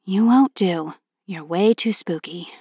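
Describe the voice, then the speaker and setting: A woman voicing an excited young ranch girl in a storybook reading, speaking eagerly in a raised voice. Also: takes it slowly, breathy edge, no echo, studio quality, exaggerated voice. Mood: disappointed. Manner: eager, high and bright.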